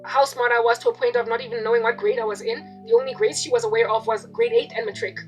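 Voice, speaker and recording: A young South African woman talking candidly to her viewers in a personal monologue. She sounds aggrieved and keeps breaking into loud mimicked yelling. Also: fairly high pitch, lively intonation, quick pace, soft background music. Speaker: video blogger.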